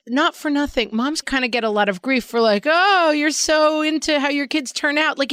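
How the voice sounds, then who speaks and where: Reflective woman co-host, higher voice. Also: fairly bright tone, dry recording, studio quality. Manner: reflective, conversational. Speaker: podcast co-host. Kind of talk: podcast interview.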